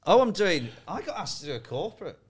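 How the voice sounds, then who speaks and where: Lively man spinning rude comedy anecdotes. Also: high voice, fast, a little hiss or hum. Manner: swearing, laughing storyteller who acts out voices. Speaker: comedian guest. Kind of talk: casual podcast chat, telling stand-up stories.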